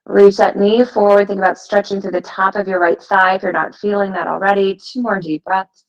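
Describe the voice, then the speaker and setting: A woman teaching a yoga class, giving calm, encouraging cues timed to the breath. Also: medium pitch, brisk, dull audio. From United States. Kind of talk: guided yoga class instruction.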